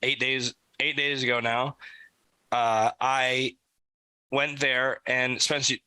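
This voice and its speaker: A young man co-hosting a podcast, telling an animated, profane story in casual chat. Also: mid-range voice, takes it slowly, clear, resonant tone, dry recording, poor audio. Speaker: podcast co-host.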